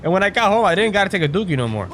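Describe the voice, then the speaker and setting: A man in his twenties chatting casually while playing a game, rambling and profane, venting with sudden loud outbursts. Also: high voice, sing-song, very fast, slight background noise. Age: 20s. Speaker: gaming streamer. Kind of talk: casual gameplay chat.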